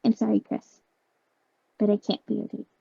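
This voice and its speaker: A woman voicing Amy Rose, a gentle, lovelorn young female hedgehog, in an amateur fan drama. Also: mid-range voice, monotone, normal speed, gravelly, breathy edge, no echo, highs cut off, heavily acted. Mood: earnest.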